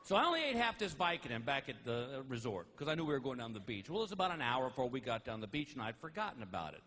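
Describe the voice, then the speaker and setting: A man doing stand-up comedy, telling a story in an animated, exaggerated way, with sudden shouts and put-on voices. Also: mid-range voice, fast. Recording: noisy live stand-up album recording.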